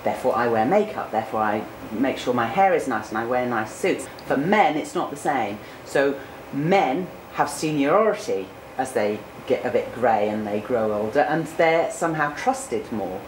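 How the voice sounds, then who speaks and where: Low-voiced chatty woman in her forties. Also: expressive, normal speed, few pauses. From Cornwall. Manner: candid, chatty, with fillers. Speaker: interviewed news presenter. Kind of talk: studio interview answers. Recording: echoey room with noticeable background noise.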